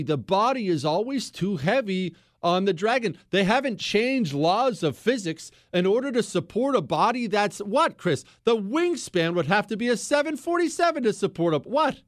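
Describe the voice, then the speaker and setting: A man's voice: high voice, no echo, studio quality. A middle-aged American man hosting a talk show, bantering and mock-boastful as he answers listener questions. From United States. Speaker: radio talk show host. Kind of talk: casual call-in advice chat.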